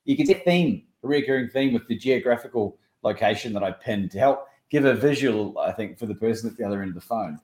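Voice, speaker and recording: An Australian man chatting as a guest, an animated storyteller who acts out quoted dialogue. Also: fairly low pitch, fast talker, few pauses, reverberant. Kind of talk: casual chat.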